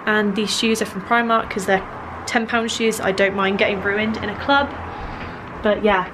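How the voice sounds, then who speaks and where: A young British woman vlogging to the camera from her room at home, chatty and giggly, her voice slightly hoarse. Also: medium pitch, steady tone, normal speed, background noise. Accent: British English. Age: young adult. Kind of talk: casual vlog chat. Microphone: camera mic, filming herself.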